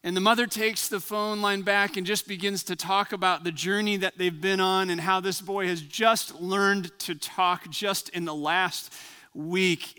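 A man's voice: high-pitched, sharp tone, smooth, long reverb tail. A man preaching as a pastor, praying and then telling a story in an earnest, reflective way. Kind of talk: sermon.

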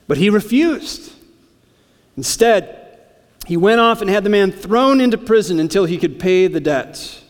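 A man's voice: high voice, in a large hall. A man preaching a sermon, explaining scripture in a conversational way with casual asides. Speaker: pastor.

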